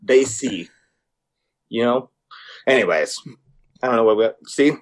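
In casual chat, a young male podcast co-host tells stories, swears freely, and imitates the people he quotes. His voice is medium-pitched and unhurried.

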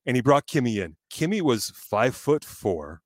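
A man's voice: mid-range voice, moderate pace, no room sound. A middle-aged man telling a funny story in casual chat, acting out the other people's lines and swearing now and then. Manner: animated, acts out quoted voices, swears.

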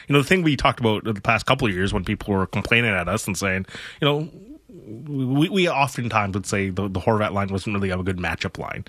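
Male radio co-host with a bright, forceful tone, analytical, dry studio sound. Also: on the low side, no echo. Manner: thoughtful, trailing restarts. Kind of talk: post-game analysis chat.

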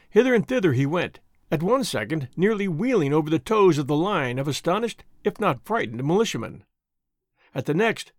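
A man's voice: fairly high pitch, dry recording, clean studio sound. A man narrating a period story in scripted audiobook style, voicing each character as he goes.

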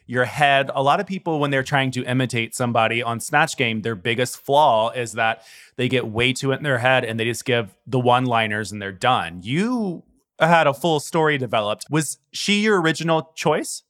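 A man with a mid-pitched voice, hosting a casual interview chat. He asks questions and praises his guest enthusiastically. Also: normal speed, a bit bright. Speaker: host.

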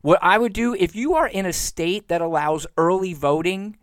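A man's voice: sits high, normal speed, dry recording. A man from Florida hosting a solo political podcast from home, sarcastic and getting worked up as he goes. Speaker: podcast host. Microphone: home recording mic.

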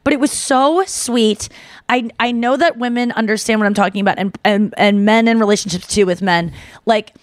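A woman podcast host telling a story in casual chat, animated and full of fillers, slipping into the voices of the people she describes. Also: a little high, normal speed, no room sound. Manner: animated, filler-heavy, acts out others' voices.

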